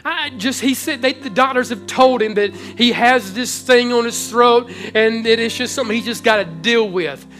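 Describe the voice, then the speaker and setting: Guy preaching a sermon in church, goes quiet then gets loud and fired up, faint music behind. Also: very high-pitched, normal speed, hardly any pauses. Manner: swings between hushed storytelling and loud impassioned preaching. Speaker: pastor. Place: church hall before a congregation.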